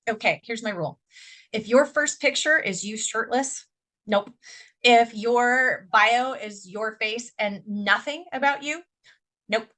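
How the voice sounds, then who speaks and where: A woman's voice: fairly high pitch, takes it slowly, bright, forceful tone. A woman co-hosting a podcast, talking bluntly and emphatically in casual chat and swearing freely. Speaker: podcast co-host.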